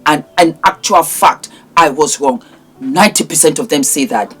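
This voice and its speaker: Scolding woman vlogger, low voice. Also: normal speed, fairly bright tone, slightly rough, soft background music. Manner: scolding, preachy, addresses the man directly. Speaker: commentary vlogger. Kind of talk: impassioned social media commentary.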